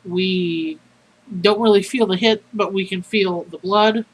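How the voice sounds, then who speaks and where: A sleepy player recaps a tabletop horror game in a loose, rambling way, full of halts and fillers. The voice sits at a middle pitch. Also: fairly even intonation, poor audio. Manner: rambling, halting, filler-heavy.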